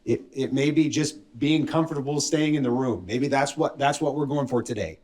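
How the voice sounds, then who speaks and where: A man's voice: mid-range voice, brisk, a little mellow. Man podcast co-host; reflective, explanatory delivery. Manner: thoughtful, explanatory, mentoring tone. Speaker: co-host, instructor. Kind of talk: casual podcast chat.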